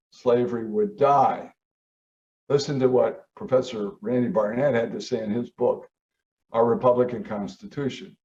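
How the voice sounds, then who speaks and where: An older professor hosts his own show in a lecture-style commentary, speaking emphatically, posing rhetorical questions and quoting founding texts. His voice is mid-range and warm. The recording sounds slightly distant, dull and lo-fi.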